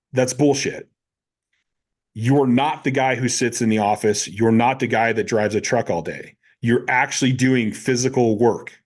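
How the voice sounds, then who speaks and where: A man in his fifties, a powerlifting coach, talks casually on a podcast. He tells stories with energy and acts out both voices in the conversations he recounts, in a voice of ordinary pitch for a man. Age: 50s. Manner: animated storyteller who acts out both sides of conversations.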